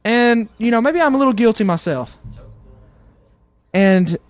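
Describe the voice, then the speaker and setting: A man's voice: very high-pitched, animated, unhurried, dry recording. A man co-hosting a casual comedic radio show, rambling through self-deprecating stories.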